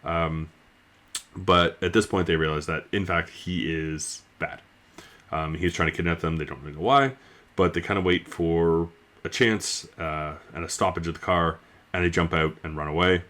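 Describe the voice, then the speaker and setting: A man's voice: sits low, steady tone, normal speed, a bit bright. A man giving a casual spoken book review, talking in a loose, rambling way with lots of fillers.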